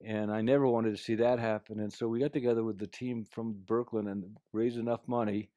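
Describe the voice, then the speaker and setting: A man with a lowish, steady voice speaks fairly quickly, giving an earnest talk on negotiation built around a personal story. Sharing life lessons, he drops to a quiet voice when quoting. There's no room sound.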